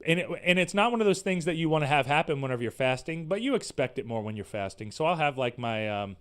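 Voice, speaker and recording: A man hosting a podcast, delivering an animated, profane, sarcastic rant in casual slangy talk. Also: fairly high pitch, fast talker, smooth. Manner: animated, profane, exasperated ranting. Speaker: podcast host. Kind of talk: casual ranting monologue.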